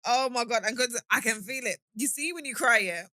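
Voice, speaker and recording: A woman's voice: on the high side, fairly quick, dry recording, studio quality. A young woman co-hosting a podcast, chatting casually and playfully with frequent laughter. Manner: animated, laughs often, playful. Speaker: podcast co-host. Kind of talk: casual chat.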